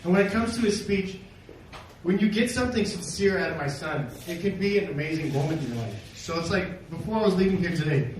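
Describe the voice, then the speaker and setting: Stand-up comic, male, high voice, rambling and self-mocking, recorded from far off in a noisy room. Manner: rambling, self-deprecating, swearing, with quick asides. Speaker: stand-up comedian. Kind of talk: stand-up comedy set. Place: comedy club stage. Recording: echoey club, heard from afar, noisy. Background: audience laughter.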